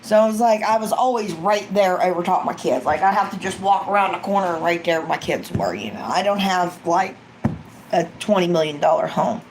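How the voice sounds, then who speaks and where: A woman's voice: fairly low pitch, fairly quick, noisy background. A woman, an ASMR vlogger, chatting casually and rambling on a live stream, acting out quoted lines as she goes.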